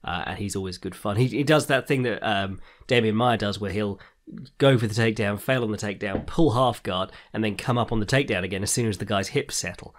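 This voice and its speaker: On his casual MMA podcast, the host speaks fairly quickly in a voice on the low side. He wanders from topic to topic, swearing freely and laughing at his own asides.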